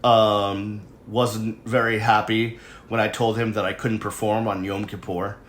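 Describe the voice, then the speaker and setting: A man's voice: on the low side, level tone, a little slow, fairly bright tone, roomy sound, slight background noise. A man in his forties from New England, hosting his show and telling a long personal story in a digressive, conversational way with self-deprecating asides. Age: 40s. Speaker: show host. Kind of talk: casual storytelling monologue.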